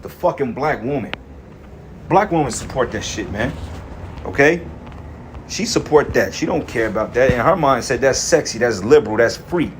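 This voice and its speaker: A man's voice: mid-range voice, expressive, normal speed, slight background noise. A man preaching in an angry, profane rant, reading scripture verses and then commenting on them. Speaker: street preacher.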